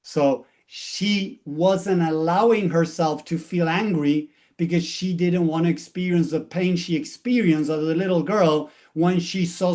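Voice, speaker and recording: A man's voice: fairly high pitch, darkish tone. A man speaking as a mindset coach in an explanatory motivational talk, walking through what happens in his one-on-one sessions and retelling them as quoted dialogue.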